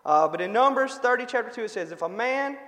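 Man, high voice, folksy halting sermon, reverberant church hall. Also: lively intonation, fairly bright tone. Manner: folksy, halting, frequent "all right?" check-ins. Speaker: preacher. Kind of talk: sermon with prayer and joke. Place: church sanctuary.

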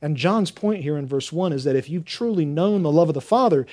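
A man's voice: a little high, animated, fairly quick, darkish tone. A man preaching a sermon, building emphasis with repeated questions and answers. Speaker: pastor.

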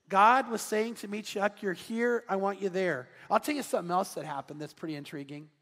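A male pastor telling a story during a sermon, acting out the dialogue with animated delivery. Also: fairly high pitch. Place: large church sanctuary. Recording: church hall reverb.

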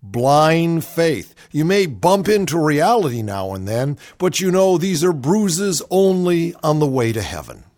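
Wry man with a lively, swooping voice. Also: on the high side, measured pace, hardly any pauses. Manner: wry, sardonic asides. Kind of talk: opinionated monologue.

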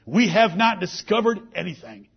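A man's voice: high-pitched, very animated, normal speed, creaky, slightly rough, dull audio. A male pastor preaching a sermon to his congregation, emphatic and fervent, often quoting scripture in old-fashioned biblical wording. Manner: emphatic preaching with King James scripture quotes.

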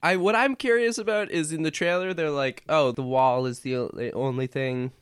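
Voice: medium pitch, fairly even intonation, moderate pace, clear, resonant tone, no echo, clean studio sound. A podcast host chatting casually with friends about a movie trailer, laughing often and thinking aloud.

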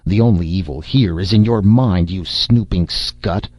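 A man's voice: low-pitched, measured pace, darkish tone, no echo. A man voicing a brash, commanding male hero who barks orders with sardonic humor, in a storybook reading. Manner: bossy, sardonic, barking orders. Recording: dull, dry lo-fi recording.

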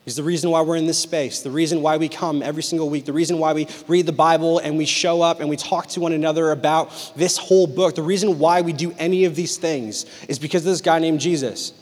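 Joking youth pastor in a reverberant hall. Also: male voice, on the high side, quick pace, few pauses. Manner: animated, joking, acts out quotes. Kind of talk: storytelling sermon to teens.

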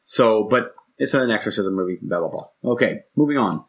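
A man's voice: fairly low pitch, animated, moderate pace. A man co-hosting a casual chat about movies, rambling and restarting his sentences and laughing often. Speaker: podcast co-host.

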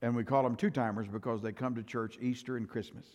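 An older male pastor preaching a sermon, emphatic and swinging from loud to soft, in a church sanctuary. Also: medium pitch, steady tone, fast talker. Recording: reverberant church hall.

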